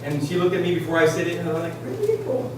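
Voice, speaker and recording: Man, preacher, sermon, emphatic shouting, filler-heavy storytelling, heavy room reverb, clear background noise. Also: a little high, flat delivery, racing. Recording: echoey church, distant mic, background noise.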